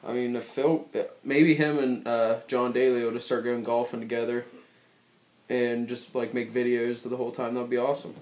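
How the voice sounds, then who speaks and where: A young man trades casual, joking talk as a podcast co-host, meandering through his thoughts with stretched-out pauses. His delivery stays fairly flat in pitch. The recording carries a noticeable room echo. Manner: rambling, joking, drawn-out pauses. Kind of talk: casual chat. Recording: echoey room.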